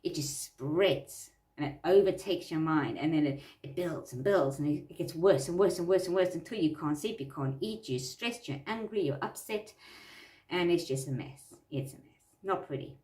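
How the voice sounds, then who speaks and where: A woman with a fairly low voice talks earnestly through self-help steps and often repeats her phrases for emphasis. She sits a little back from the mic in an echoey room. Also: moderate pace, darkish tone, recorded from a distance. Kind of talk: talking through a worksheet.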